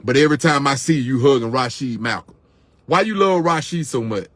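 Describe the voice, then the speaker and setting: A man's voice: medium pitch, brisk, fairly bright tone, dry recording. A middle-aged man, venting on camera in an impassioned, repetitive rant to his viewers. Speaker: vlogger.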